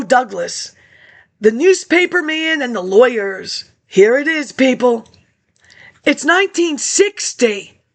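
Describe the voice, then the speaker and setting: A woman's voice: sits high, gravelly. A woman rambling through old archive documents in a scattered monologue, answering herself in asides. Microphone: laptop webcam.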